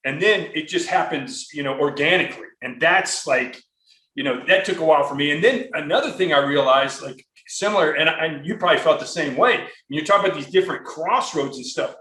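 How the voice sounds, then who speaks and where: A man's voice: fairly high pitch, a little fast, sharp tone, roomy sound, low-quality recording. A man hosting a podcast interview, talking in an earnest, rambling, profane way with lots of restarts. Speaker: podcast host. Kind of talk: casual conversational interview.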